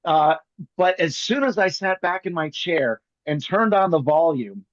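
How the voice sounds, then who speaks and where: A man with a high, bright-pitched voice riffs through a comic bit on a video call, tossing in quick impressions. The sound is dry and close but a little dull, like webcam audio. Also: expressive, no room sound. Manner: rapid comic riffing with bits of mimicry. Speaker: guest magician.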